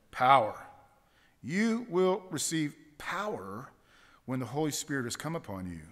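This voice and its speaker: A man preaching a sermon as pastor, emphatic, repeating phrases for stress. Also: fairly high pitch. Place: church sanctuary. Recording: long church hall reverb.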